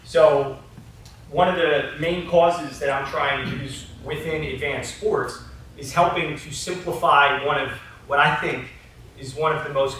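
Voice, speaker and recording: A man gives a loose, conversational talk at a conference, his voice bright and forceful. The sound comes from a distance in a very echoey hall, with a faint hiss underneath. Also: on the high side. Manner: conversational, with frequent "you know" and "right?". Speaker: conference presenter. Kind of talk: casual conference presentation.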